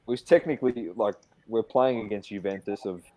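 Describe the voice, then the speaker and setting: A man's voice: fairly low pitch, moderate pace, darkish tone, a little hiss or hum, rough recording. A man co-hosting a football watch-along stream, cheeky and opinionated, swearing freely in casual banter.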